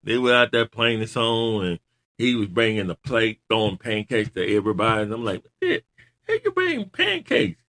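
A man with a fairly low voice chats casually and tells stories with lots of animation. He laughs often as he talks. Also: fairly even intonation, a little fast, a bit bright. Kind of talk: casual chat about wrestling.

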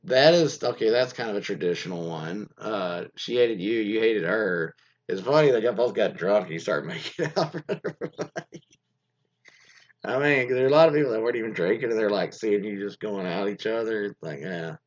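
A man chats crudely on a casual podcast, reading stories and wandering off into his own tangents with plenty of ums and restarts. His voice sits on the low side but leaps around in pitch. The audio is a little dull and lo-fi. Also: animated, a little fast. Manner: rambling, crude, with many fillers and restarts.

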